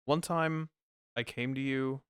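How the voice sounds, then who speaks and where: Man with a smooth, dry close voice. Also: mid-range voice, steady tone, takes it slowly, a bit bright, no room sound. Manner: laughs often, stammers and restarts. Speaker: podcast host. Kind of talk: casual chat.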